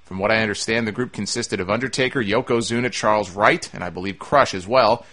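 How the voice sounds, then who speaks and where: Speaking a little fast, a man with a low, slightly bright voice handles listener mail on his podcast. The chat is casual, with frequent "uh" fillers and false starts.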